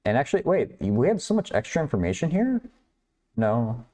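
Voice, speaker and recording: A man's voice: mid-range voice, sing-song, normal speed, mellow. A man hosting a math livestream, working through problems aloud while chatting with viewers and laughing often. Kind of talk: casual livestream problem-solving.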